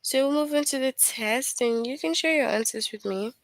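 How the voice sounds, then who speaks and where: A woman's voice: high-pitched, moderate pace, no room sound. A young woman teaching a grammar lesson to young children, patiently repeating points and asking questions she then answers herself.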